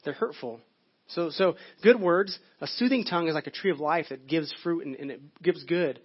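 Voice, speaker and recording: A man's voice: moderate pace, husky. A man preaching a sermon in a casual, conversational way, often repeating words as he searches for the phrase. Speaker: pastor. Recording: muffled low-fidelity audio.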